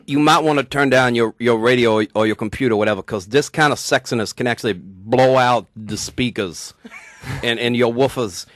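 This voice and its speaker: A man's voice: medium pitch, normal speed, a bit bright, no room sound. A man co-hosting a comedy podcast, trading boastful, jokey banter. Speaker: co-host. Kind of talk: casual comedic chat.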